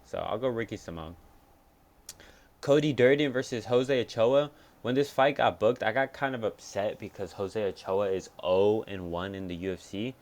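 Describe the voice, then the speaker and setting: Young guy rambling thru his fight picks, kinda low voice, swears a lot, changes his mind mid-thought. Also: normal speed, a little mellow. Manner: rambling, profane, thinks aloud and changes picks. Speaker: MMA fight picks commentator. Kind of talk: casual fight-prediction breakdown.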